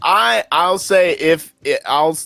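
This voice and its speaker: A man's voice: fairly high pitch, animated, slow, vocal fry, pushed and bright, no echo. A man who is a guest on a comedy radio show, laughing and making fun of himself during a quiz game. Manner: laughing, self-mocking.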